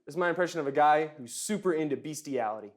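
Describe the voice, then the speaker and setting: A young male stand-up comedian talks through his set in a dry, self-deprecating way. His voice sits on the higher side for a man. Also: lively intonation, quick pace.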